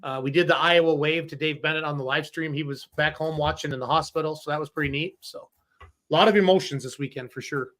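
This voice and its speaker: A man's voice: fairly high pitch, steady tone, fast, a bit bright. A man hosting a casual podcast in an easygoing way, adding promotional asides. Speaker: podcast host.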